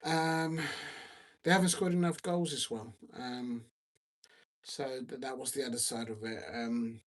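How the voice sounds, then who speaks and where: A man's voice: mid-range voice, steady tone, a little slow. A tired man hosting a football watch-along live stream, rambling casually, using many fillers and reading out viewer comments.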